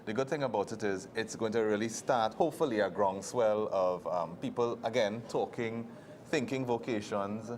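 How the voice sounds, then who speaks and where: A man's voice: on the low side, moderate pace, darkish tone, a little hiss or hum. A man with a Trinidadian accent, co-hosting a church show as a deacon, speaking earnestly and repeating words for emphasis. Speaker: deacon co-host. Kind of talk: casual chat.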